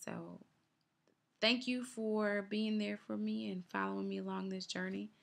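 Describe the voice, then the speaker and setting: A woman's voice: mid-range voice, level tone, measured pace, gravelly. A woman vlogger talking through her race in a chatty, earnest way, ending with encouragement for her viewers. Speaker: vlogger and new marathon runner. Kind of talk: casual personal race recap.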